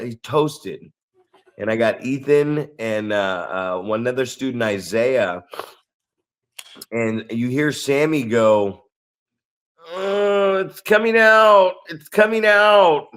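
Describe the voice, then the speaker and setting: A man co-hosting a podcast, telling a story in casual chat, rambling and restarting his sentences. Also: mid-range voice. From Northern California. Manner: rambling, restarts sentences, acts out quoted people. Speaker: podcast co-host.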